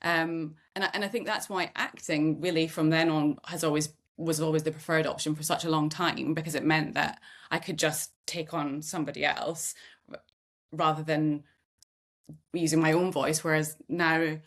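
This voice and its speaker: A middle-aged Scottish woman hosts a conversational podcast in a low voice at a moderate pace. Relaxed and reflective, she speaks candidly and thoughtfully, with self-deprecating humour.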